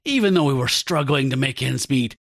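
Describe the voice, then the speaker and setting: A man's voice: medium pitch, animated, brisk, vocal fry, no room sound, clean studio sound. A man voicing a pleading, sentimental older father who speaks earnestly to his son.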